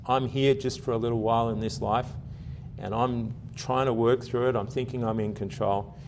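A man preaching a sermon in an earnest, conversational way, rising for emphasis and dropping soft for quiet passages. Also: medium pitch, fairly even intonation, normal speed, a little hiss or hum. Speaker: pastor.

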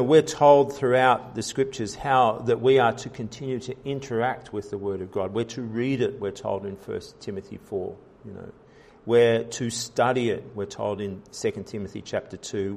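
A man's voice: medium pitch, a little mellow. A man preaching a sermon as pastor, in an earnest style with frequent fillers, restarts and rising emphasis.

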